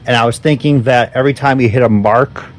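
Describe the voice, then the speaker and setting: A man's voice: medium pitch, steady tone, fast. A man in his forties hosting a casual toy-collecting video from a basement, chatting enthusiastically with wry sarcastic asides. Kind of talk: casual unboxing chat.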